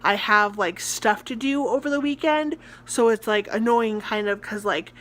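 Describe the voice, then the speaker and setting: Rambling young American woman, slightly high. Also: normal speed, a bit bright. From United States. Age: young adult. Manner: rambling, ranting, heavy on filler words. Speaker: college theatre student vlogger. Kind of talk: casual vlog chat.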